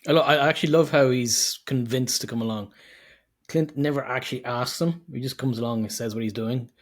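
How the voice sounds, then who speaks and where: A man co-hosting a podcast, chatting enthusiastically about a film with quick quips. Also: mid-range voice. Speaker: podcast co-host. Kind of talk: casual movie review chat.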